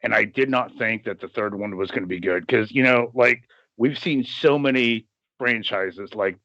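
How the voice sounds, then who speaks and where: A man co-hosting a casual podcast chat, swearing freely and reading news out haltingly. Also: on the low side, sharp tone, dry recording, highs cut off. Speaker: podcast co-host.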